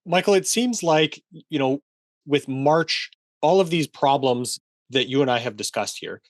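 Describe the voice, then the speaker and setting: A man hosting an interview, asking measured questions and giving brief agreeing sounds. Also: mid-range voice, animated, dry recording, clean studio sound. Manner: brief assenting backchannels. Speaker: host.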